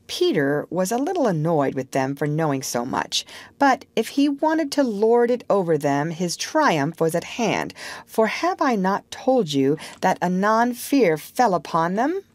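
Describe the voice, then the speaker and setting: A woman narrating a children's classic for English learners in a measured, expressive storytelling manner. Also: fairly low pitch, no room sound.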